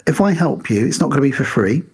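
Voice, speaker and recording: A man co-hosting a podcast, casually retelling film scenes and acting out the characters' lines in quick snatches. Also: medium pitch, animated, darkish tone, slightly rough. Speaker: podcast co-host. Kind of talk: casual film review chat.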